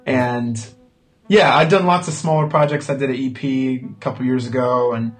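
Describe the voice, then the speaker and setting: An American man being interviewed as a musician, talking thoughtfully and hesitantly with many pauses. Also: medium pitch, fairly even intonation, soft background music. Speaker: guest musician. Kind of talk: casual interview chat.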